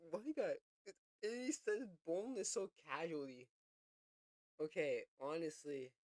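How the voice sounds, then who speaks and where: A man's voice: on the high side, big pitch swings, unhurried, darkish tone. A young man hosting a reaction video, talking casually, laughing a lot, swearing freely and repeating lines back.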